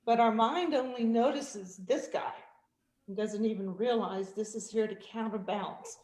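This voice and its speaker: A woman vocal coach giving a lively demonstration of singing technique on a video call, breaking into short sung exercises and laughing often. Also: on the high side, normal speed, roomy sound. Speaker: vocal coach and guest speaker. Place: virtual meeting.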